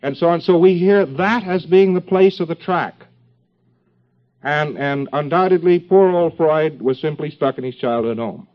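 A man's voice: on the high side, measured pace. Rambling male lecturer on dull old tape. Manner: rambling, joking asides, frequent fillers and restarts. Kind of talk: informal recorded lecture to a class.

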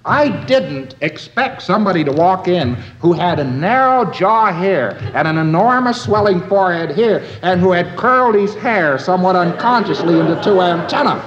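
A man's voice: sits high, animated, moderate pace, hardly any pauses, highs cut off. Wry man lecturing on old tape. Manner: wry, conversational, storytelling. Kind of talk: lecture with anecdotes.

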